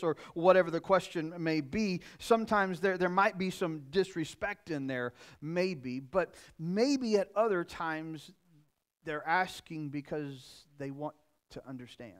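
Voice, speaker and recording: Middle-aged male preacher, slightly raised pitch, earnest, dynamic sermon delivery. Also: measured pace. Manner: earnest, repeats phrases, swings between loud emphasis and quiet. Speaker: pastor.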